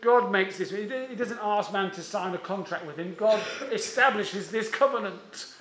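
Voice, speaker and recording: A man preaching a sermon in a church, measured and emphatic, with slow drawn-out stresses and frequent "uh" pauses. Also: sits high, reverberant, a crowd in the background.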